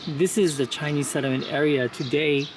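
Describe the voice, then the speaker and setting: Here the guide's voice sits a little high, moving at normal speed with background noise around him. He's a travel vlogger walking the city streets outdoors, explaining what he sees in a laid-back, informative manner peppered with "uh" and "you know."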